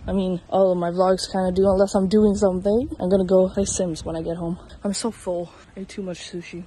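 A woman's voice: lowish voice, little pitch movement, fairly quick, dark tone, a little hiss or hum. A woman vlogging in a casual, chatty way, laughing often and swearing now and then. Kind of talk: casual vlog chat. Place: partly outdoors at night.

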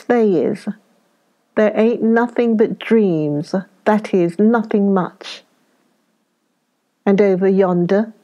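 A woman's voice: medium pitch, lightly acted. Woman reading as a dreamy wild young girl. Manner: soft, slow and dreamy.

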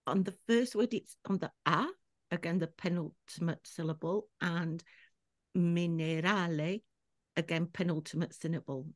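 A woman student answering a teacher's question in an online class, explaining quietly and carefully over a video call. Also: on the low side, normal speed, dry recording, clean studio sound.

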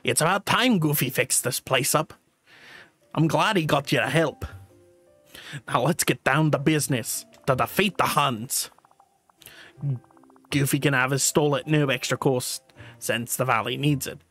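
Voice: mid-range voice, fairly bright tone, soft background music. A streamer voicing a stingy old cartoon duck in a put-on, admittedly bad Scottish accent while reading game dialogue aloud. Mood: gruff. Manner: stern, gruff, deliberately bad accent.

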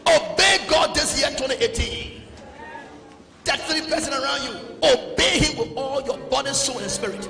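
A man with a Liberian English accent preaching a sermon as pastor, dropping to low talk and rising to shouted exhortation. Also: normal speed, vocal fry. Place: large church hall. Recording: echoey hall, distant mic, music behind.

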